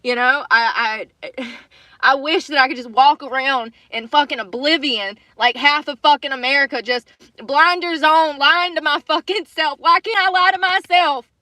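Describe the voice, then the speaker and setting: A woman's voice: sits high, moderate pace, pushed and bright, no room sound. A woman on a livestream, ranting angrily with a lot of swearing and repeated phrases, sometimes close to tears. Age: adult with children. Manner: angry, swearing, repeating herself. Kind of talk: emotional livestream rant. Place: in her car.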